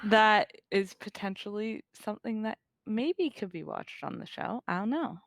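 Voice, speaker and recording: A woman's voice: medium pitch, sing-song, normal speed, vocal fry, dry recording, studio quality. A woman co-hosting a podcast, chatting casually and making fun of herself. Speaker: podcast co-host. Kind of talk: casual chat.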